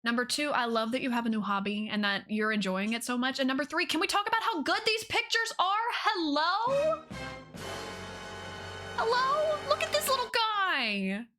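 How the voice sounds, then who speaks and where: A woman's voice: fast talker, few pauses, faint music behind. A young woman, chatting casually with viewers on a live stream, bubbly and gushing. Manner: bubbly, gushing, swoops up high when excited.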